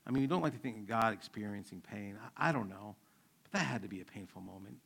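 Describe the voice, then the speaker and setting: A middle-aged man, a pastor, preaching a sermon in a relaxed, conversational way with stories from home. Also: on the low side, fast, vocal fry, breathy edge. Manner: conversational preaching, acts out his kids' voices.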